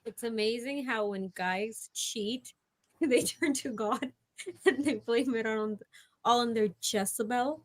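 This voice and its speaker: A woman's voice: fairly high pitch, slow, no room sound. A woman co-hosting a casual podcast discussion, teasing and laughing often. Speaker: co-host.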